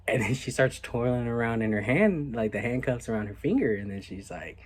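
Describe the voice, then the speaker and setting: A young man casually telling a story on his vlog, animated and laid-back, with a lot of "like" and some swearing. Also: mid-range voice, fairly quick, slightly rough. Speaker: vlogger.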